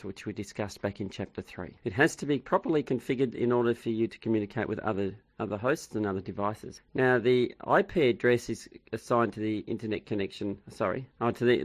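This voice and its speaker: A man's voice: on the low side, no echo. Chatty male networking instructor, dry close mic. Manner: chatty and encouraging, with frequent ums and restarts. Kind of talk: casual online lecture.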